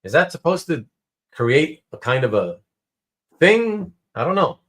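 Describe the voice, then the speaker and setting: A man with a high, very lively voice hosts a relaxed live stream from home. He chats with viewers by name and tells stories in an animated way, voicing each person's lines as he goes. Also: unhurried. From Canada. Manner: animated storytelling, acts out quotes. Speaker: host.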